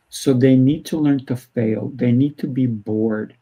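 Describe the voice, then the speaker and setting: Unhurried and mellow, this man's medium-pitched voice has a husky quality, and the highs are cut off in the recording. He hosts a casual interview as a martial arts teacher, coaching firmly and acting out short exchanges with kids.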